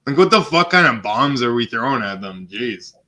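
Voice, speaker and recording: Bright-voiced swearing streamer man. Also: mid-range voice, expressive, normal speed. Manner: rambling, swears a lot, slips into mock voices. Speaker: streamer hosting a live chat. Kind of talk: casual profane stream chat.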